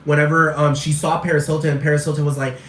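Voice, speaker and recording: A man's voice: fairly high pitch, flat delivery, fast, fairly bright tone. A man ranting in a rambling, repetitive and profane casual monologue. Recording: echoey room, far from mic, faint noise.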